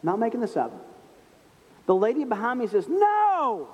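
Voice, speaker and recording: A man preaching a sermon as pastor, telling a story in a humorous, self-mocking way and slowing down softly on key points. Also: sits high, long reverb tail, a little hiss or hum. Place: church sanctuary.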